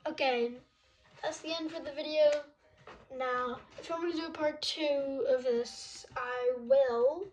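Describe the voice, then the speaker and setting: A young woman giving casual, giggly commentary while she plays a video game, reacting out loud in a scattered way. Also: high-pitched, fairly even intonation, unhurried, faint music behind. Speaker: gaming video creator.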